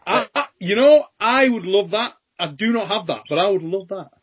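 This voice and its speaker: A man's voice: high-pitched, expressive, normal speed, husky. A British man hosting a casual chat show, blunt and joking, swearing freely. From Britain. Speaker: show host. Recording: muffled lo-fi audio.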